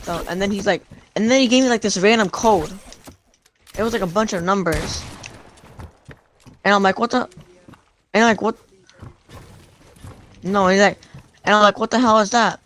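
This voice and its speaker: A man's voice: high-pitched, moderate pace, pauses often, slight background noise. Young man rambling through a story. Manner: rambling, excited retelling with many restarts and "I'm like". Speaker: gamer telling a story. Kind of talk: casual storytelling in game voice chat.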